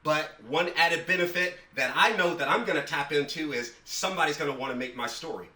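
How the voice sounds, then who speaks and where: Emphatic male writing instructor, higher voice, casual class talk, echoey room mic. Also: a little fast, bright, forceful tone, far from the mic. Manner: emphatic, repeats words for stress.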